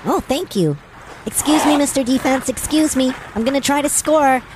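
A tiny young hockey player, childlike and overeager, apologizing and gushing in a high, thin voice, as a performer puts him on. It's a comedy sketch voice with loud rink noise behind it. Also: moderate pace, lightly acted. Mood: eager.

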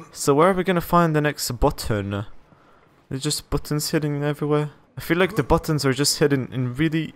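A young man playing a horror game and talking through it, jittery and quick to exclaim and repeat words when scared. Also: on the high side. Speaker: gaming YouTuber. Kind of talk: horror game let's play commentary.

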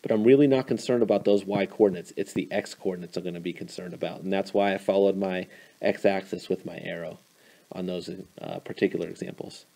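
A man's voice: deep voice, fairly even intonation, brisk, vocal fry, dark tone. A man teaching math, explaining a graph in a casual, informal way with a few fillers. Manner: informal, fillers, playful sound effects.

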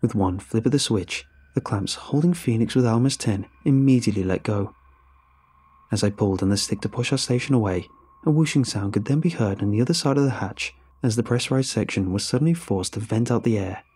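A man narrating a horror story in a steady, grave storytelling voice. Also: on the low side, fairly quick, breathy edge.

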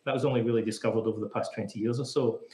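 A man's voice: lowish voice, steady tone, racing, warm tone. A man being interviewed as a psychotherapist, explaining things in a chatty, casual way full of "like" fillers. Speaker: psychotherapist guest. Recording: echoey room.

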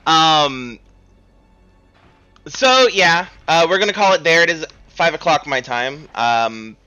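Bright-voiced man rambling over gameplay. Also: fairly high pitch, lively intonation, slow, smooth, muffled recording, soft background music. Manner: rambling, self-deprecating, joking. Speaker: streamer playing a game. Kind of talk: casual let's-play commentary.

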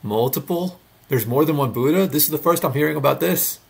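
A man's voice: a little high, brisk, gravelly, background noise. A man hosting a reaction video, talking bluntly and mocking what he watches in casual, sarcastic commentary.

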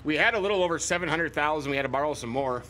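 A bright, forceful man rambles through a farming game with goofy asides, repeating words for fun. His voice sits a touch high for a man. A faint hum of game ambience runs underneath. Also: racing. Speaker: let's play host. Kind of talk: casual gameplay commentary.

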